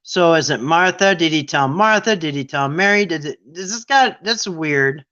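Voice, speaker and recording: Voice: mid-range voice, animated, moderate pace, bright, forceful tone, highs cut off. A quiz game host in casual, playful chat, with irreverent, sarcastic asides.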